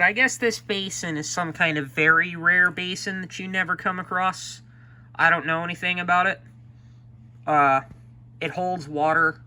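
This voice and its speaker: Casual hobbyist man, bright tone, rambling show-and-tell. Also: on the high side. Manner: rambling, offhand, with fillers and restarts. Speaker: vacuum restorer.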